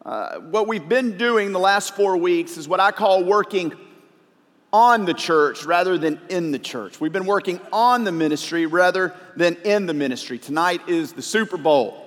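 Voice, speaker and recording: A man's voice: high-pitched, animated, normal speed, a bit bright. A male pastor preaching a sermon, chatty with filler words, then rising to emphatic points. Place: church sanctuary. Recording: long reverb of a large hall.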